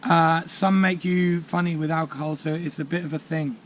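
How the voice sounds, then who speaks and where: Brief: forager, man, higher-pitched, upbeat and chatty, recorded outdoors. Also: fairly even intonation, normal speed, a loud crowd. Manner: enthusiastic, chatty, many fillers. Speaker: mushroom forager and course teacher. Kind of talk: casual outdoor explanation. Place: outdoors in woodland.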